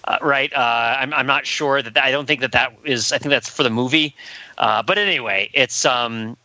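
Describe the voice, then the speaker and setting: A man's voice: mid-range voice, normal speed, sharp tone, no room sound, lo-fi sound. A man co-hosting a podcast, talking through a film in a thoughtful, rambling way and laughing often. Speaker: podcast co-host. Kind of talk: casual film discussion.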